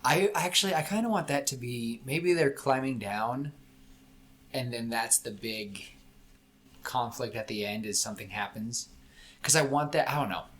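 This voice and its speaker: A young man talks through a story idea on a podcast, rambling and jumping into characters' voices. His tone is bright and forward. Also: moderate pace. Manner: rambling, acts out characters' lines while pitching a story. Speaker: podcast co-host. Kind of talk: casual brainstorming chat.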